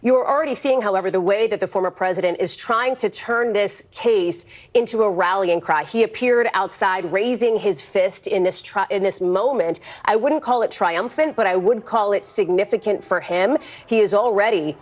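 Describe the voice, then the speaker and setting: A woman correspondent giving brisk, analytical news commentary. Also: medium pitch.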